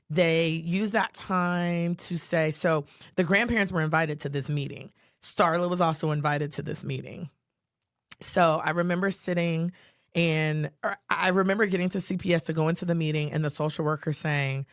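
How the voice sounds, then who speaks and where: A podcast co-host telling a personal story in a lively way, acting out the quoted lines. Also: mid-range voice, moderate pace, no echo, clean studio sound. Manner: animated storyteller who acts out quotes, with many fillers.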